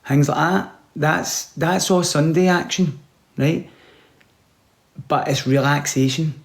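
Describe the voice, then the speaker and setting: A man giving rambling, deadpan comic advice, sometimes dropping to a whisper. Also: fairly high pitch, takes it slowly, vocal fry, long pauses. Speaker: comedian. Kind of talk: comic monologue.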